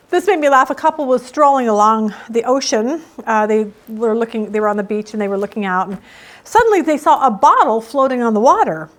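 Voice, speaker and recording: A woman's voice: a little high, expressive, brisk. A middle-aged woman teaching a Bible study in a casual, emphatic, storytelling way.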